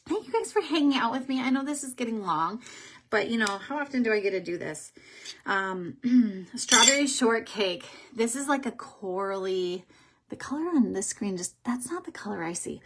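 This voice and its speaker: A woman hosting a casual beauty vlog, chatting through makeup swatches as she thinks aloud. She sometimes drops to a soft whisper and stumbles over product names. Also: on the high side, expressive, moderate pace, slight background noise. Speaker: beauty vlogger host.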